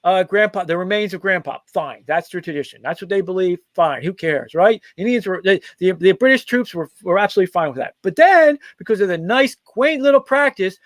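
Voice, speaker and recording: This is a man with a notably high voice delivering scornful political commentary. He rambles, doubles back and repeats words as he builds his case. The sound is dry, with no room echo. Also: expressive, brisk, few pauses. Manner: mocking, rambling, with frequent restarts. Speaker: co-host of a political talk show.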